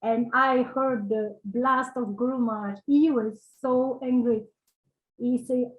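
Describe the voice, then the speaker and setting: A woman sharing personal memories in casual, halting speech, searching for words with many fillers and little laughs. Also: on the high side, fairly even intonation, rough recording. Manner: laughs between phrases. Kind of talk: casual spoken reminiscence.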